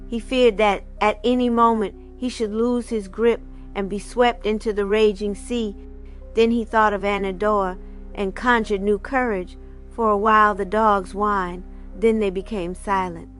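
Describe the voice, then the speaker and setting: A woman reading a folk legend aloud in a measured, dramatic narrating voice. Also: mid-range voice, a bit bright. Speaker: storyteller.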